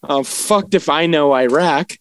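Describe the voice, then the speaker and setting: A man's voice: a little high, measured pace, clear, resonant tone, no room sound. A young man co-hosting a late-night podcast, giggling as he reads odd news aloud. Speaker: podcast co-host.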